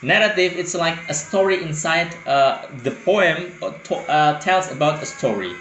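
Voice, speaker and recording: A man's voice: fairly high pitch, expressive, normal speed, a bit bright, slight background noise. A man teaching a poetry lesson, hesitant with many fillers, who reads verse aloud with a rhythmic lilt. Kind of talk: lecture explaining poetry. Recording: roomy with faint music.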